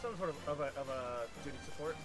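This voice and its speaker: A man's voice: on the high side, quick pace, over music. A man chatting casually with a friend while they play a game together, rambling and restarting his sentences, with the odd swear. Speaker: co-player. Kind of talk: casual gaming chat.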